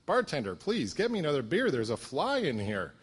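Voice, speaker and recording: Fussy light drinker at a bar, high and whiny, as a man puts him on. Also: huge pitch swings, brisk, breathy edge, full character voice. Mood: squeamish. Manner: squeamish, pleading.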